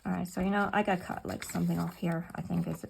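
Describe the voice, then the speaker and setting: A woman's voice: on the low side, level tone, quick pace, creaky, darkish tone, a little hiss or hum. A middle-aged woman chatting casually and muttering to herself as she works on a paper craft at home. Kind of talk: casual talk while crafting.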